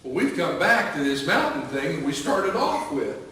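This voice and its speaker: Slow-speaking preacher in an echoey church. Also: male voice, a little high, big pitch swings, fairly bright tone, slight background noise. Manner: slow and unhurried, with frequent fillers and restarts. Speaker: pastor. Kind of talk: sermon. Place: church sanctuary. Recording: echoey church hall, voice from a distance.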